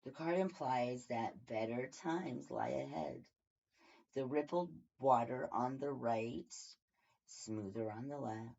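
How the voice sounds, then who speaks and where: Slow, husky tarot reader. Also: medium pitch, a little mellow. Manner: rambling, thinking aloud with many fillers. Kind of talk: casual daily tarot reading. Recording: dull lo-fi recording.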